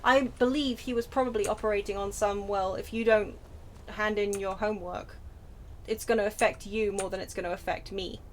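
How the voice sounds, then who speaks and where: A woman's voice: mid-range voice, fairly even intonation, normal speed. A woman in her thirties with a British accent, chatting casually while streaming a game. She rambles from story to story with self-deprecating asides. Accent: British English. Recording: noisy home stream audio.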